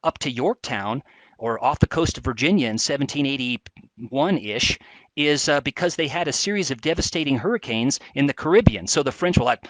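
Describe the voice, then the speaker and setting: A man's voice: mid-range voice, animated, normal speed, a bit bright, no echo, rough recording. Enthusiastic man presenting a webcast. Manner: enthusiastic, chatty, with fillers. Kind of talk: live educational webcast talk.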